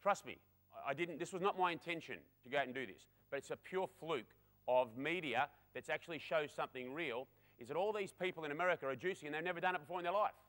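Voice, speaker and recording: A man giving a lively conference keynote, chatty and energetic, speaking straight to the audience. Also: a little high, quick pace. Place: conference hall.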